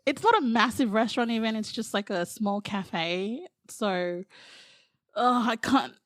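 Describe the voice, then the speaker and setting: A woman co-hosting a podcast, giggly and animated in casual comedic chat. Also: fairly high pitch, a little slow, no room sound, clean studio sound. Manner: giggly, animated, laughs often. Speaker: podcast co-host.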